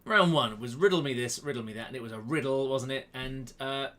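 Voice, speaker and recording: A man's voice: mid-range voice, a little fast, bright, forceful tone. A man hosting a quiz live from a room at home, chatty and self-mocking as he greets viewers by name. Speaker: quiz host. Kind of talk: casual live-stream chat. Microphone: webcam close to the face.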